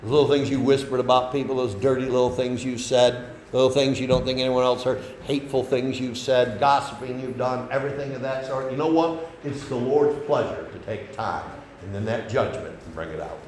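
A man preaching a sermon, folksy and conversational, swinging between loud emphasis and soft asides. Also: mid-range voice, fairly even intonation, a little fast, hardly any pauses, echoey room, slight background noise, low-quality recording.

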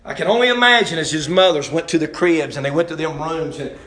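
Folksy preacher in an echoey church. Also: male voice, fairly high pitch, quick pace. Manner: folksy, impassioned, swings between loud exhortation and hushed intensity. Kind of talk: sermon. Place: church sanctuary.

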